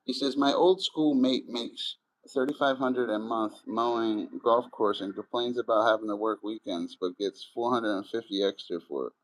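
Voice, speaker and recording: A middle-aged man streams live and talks in a loose, rambling way, full of swearing. His voice sits low. He drifts from story to story as he answers his chat. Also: normal speed, hardly any pauses, poor audio. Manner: loose, profane, rambling and chatty.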